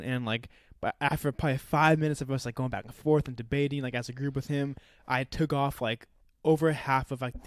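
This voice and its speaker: Recorded dry, a medium-pitched man in his 20s, who co-hosts a podcast and works as a youth leader, rambles through a story during casual chat. He uses "like" a lot and laughs while he talks.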